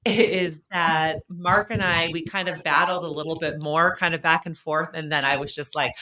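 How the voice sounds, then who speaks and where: A woman hosting a live online chat, telling stories in a chatty, animated way with quick asides. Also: low voice. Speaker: vlog host and former race contestant.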